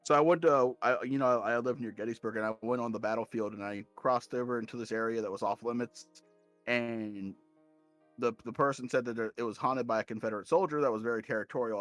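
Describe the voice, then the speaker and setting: A man's voice: mid-range voice, fairly even intonation, fast talker, fairly bright tone, faint music behind. A man co-hosting a podcast, chatting casually and eagerly, often stumbling and repeating words as he starts sentences. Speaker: podcast co-host. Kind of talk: casual chat.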